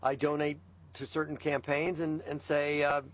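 A man talking as a guest in a casual political chat, emphatic and fired up, with quick asides. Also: a little high, level tone.

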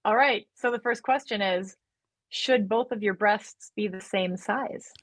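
A woman's voice: mid-range voice, a little slow, dry recording. A woman doctor appearing as a regular guest on a radio show, explaining health facts in a cheerful, giggly way into a studio microphone.

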